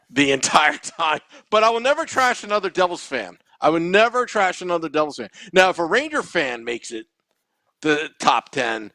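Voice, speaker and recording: Podcast guy joking about himself, pitch bouncing all over, kinda high. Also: no room sound, clean studio sound. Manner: animated, self-mocking. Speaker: podcast co-host. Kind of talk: casual podcast chat.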